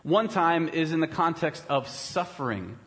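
A pastor preaching a sermon in a conversational way, often checking in with rhetorical questions. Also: male voice, a little high, lively intonation, unhurried, a bit bright, long reverb tail. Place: church.

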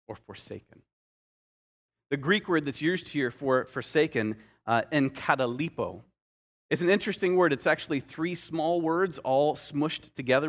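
A male pastor preaching a sermon, telling stories with light humorous asides and slowing down to stress key phrases. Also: a little high.

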